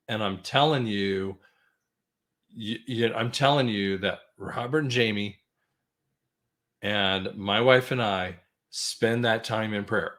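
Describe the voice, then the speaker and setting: A man's voice: lowish voice, slow, a bit bright. A man hosting a talk show, speaking in an emphatic, preaching way and repeating himself for stress. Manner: emphatic, repeats "I'm telling you". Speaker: host.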